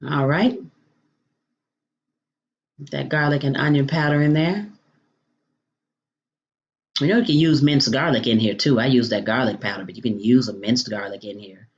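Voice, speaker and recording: A woman's voice: a bass voice, normal speed, pauses often, muffled recording. A woman hosting a home cooking demonstration, chatty and playful, calling viewers honey and baby. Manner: playful food exclamations. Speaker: cooking show host.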